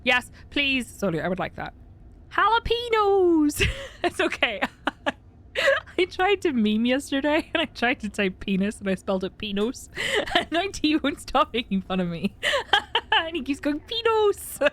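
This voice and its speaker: A woman's voice: high voice, very animated, moderate pace, a bit bright. A young woman streamer chatting casually with her live chat, laughing often and greeting viewers by name.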